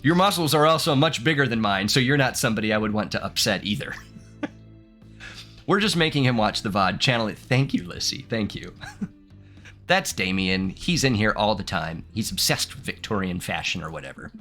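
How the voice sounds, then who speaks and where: A man's voice: lowish voice, expressive, normal speed, sharp tone, faint music behind. A man from the United States streaming gameplay, reading game text aloud and chatting playfully with his viewers, laughing often. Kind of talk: live-streamed gameplay commentary.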